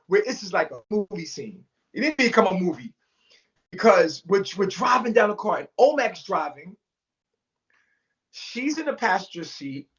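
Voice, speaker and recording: A man's voice: high voice, very animated, normal speed, fairly bright tone, dull audio. A man telling a story in casual talk, acting out every quote with big jumps in his voice and swearing freely. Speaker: storyteller guest. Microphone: remote call mic.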